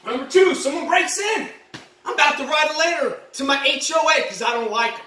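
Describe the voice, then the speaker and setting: A woman playing a boastful, rambling male ex-Marine patriot dad in a comedy monologue, shouting one moment and muttering the next. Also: fairly quick. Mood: blustering. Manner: boastful, rambling, shouts then drops low. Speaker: comedy vlogger. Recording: roomy echo, mic at a distance.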